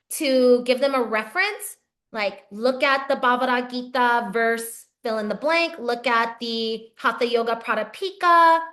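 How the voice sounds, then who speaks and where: A woman with a somewhat high voice leads a yoga teacher training session. She lectures conversationally, shifting her pace and often pausing to check in with the group. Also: a bit bright. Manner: conversational, frequent "right?" check-ins, varied pace.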